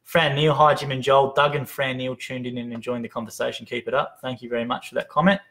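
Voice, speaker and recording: A man's voice: medium pitch, little pitch movement, quick pace, fairly bright tone. Upbeat man reading comments. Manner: upbeat, reads names aloud, stumbles on pronunciations. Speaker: co-host reading viewer comments. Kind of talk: casual live-stream chat. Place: open-plan head office.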